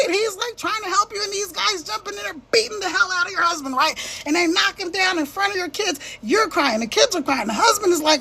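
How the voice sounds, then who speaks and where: A woman's voice: very high-pitched, fairly quick, few pauses, sharp tone. A woman giving an impassioned monologue, checking in with her listeners again and again. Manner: passionate, repeats "right?" to check in with listeners.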